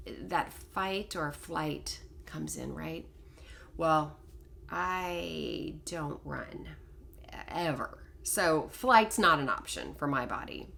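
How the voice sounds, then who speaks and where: A middle-aged woman telling a personal story to camera in a casual, animated, self-deprecating way. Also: lowish voice, gravelly. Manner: animated, self-deprecating, quotes others in dialogue. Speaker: vlogger telling a life story.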